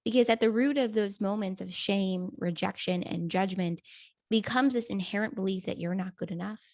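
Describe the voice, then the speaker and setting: A woman's voice: mid-range voice, moderate pace, darkish tone, no room sound, clean studio sound. A woman hosting a podcast, affirming her guest and reflecting thoughtfully on what was said. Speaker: podcast host. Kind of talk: podcast interview.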